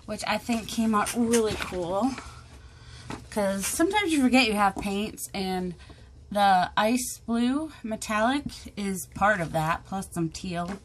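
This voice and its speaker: A woman's voice: medium pitch, expressive, slow, slight background noise. A woman hosting her crafting channel, rambling and self-deprecating, chatting casually as she shows her work. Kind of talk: casual chat.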